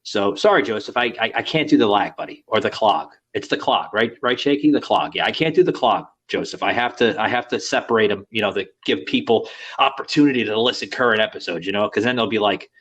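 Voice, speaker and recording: A man's voice: lowish voice, animated, fast talker, few pauses, fairly bright tone, husky. Brief: male podcast host, casual and crude, rambling delivery. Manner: rambling, filler-heavy, crude banter.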